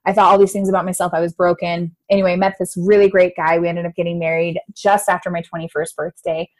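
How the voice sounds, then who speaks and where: A woman in her thirties, from the United States, telling her own life story as an interview guest, often acting out her younger self with big swings in voice. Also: fast talker. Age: 30s. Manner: animated, acts out her own past voice with big pitch jumps. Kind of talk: casual personal interview storytelling.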